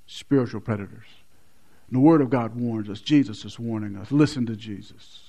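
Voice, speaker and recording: Man preaching with loud-to-hushed swings. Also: moderate pace, dull audio. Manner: swings from loud emphatic to low quiet stresses; repeats key words for weight. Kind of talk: sermon.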